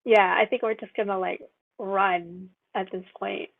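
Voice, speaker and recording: A woman playing in a tabletop game, talking haltingly with many restarts. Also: medium pitch, steady tone, vocal fry. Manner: halting, restarts, laughs easily. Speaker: player. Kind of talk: casual tabletop play. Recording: tinny phone-like line.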